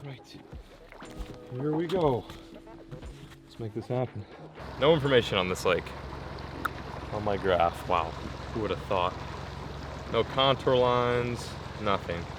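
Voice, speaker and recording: A young man vlogging while fishing from a boat on a small lake, excitable and self-mocking, swearing often. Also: mid-range voice, slow, pauses often, music in the background. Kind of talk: casual vlog talk to camera. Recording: outdoor wind and engine noise.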